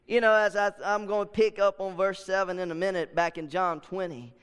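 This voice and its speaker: A man's voice: high-pitched, level tone, fairly quick, a bit bright, clean tone. A man preaching a sermon, building in fervor and repeating his points. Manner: preaching with rising fervor and repetition. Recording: long hall reverb.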